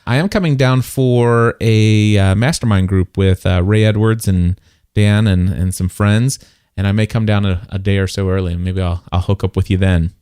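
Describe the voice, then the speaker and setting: Low-voiced man hosting a podcast. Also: normal speed, clean tone, no room sound, studio quality. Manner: storytelling, animated when quoting people. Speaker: podcast host. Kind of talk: casual podcast conversation.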